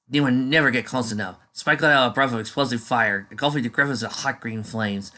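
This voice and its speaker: A man's voice: mid-range voice, pushed and bright. A man casually reading a fan story aloud, dropping offhand asides between passages. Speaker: fanfiction reader.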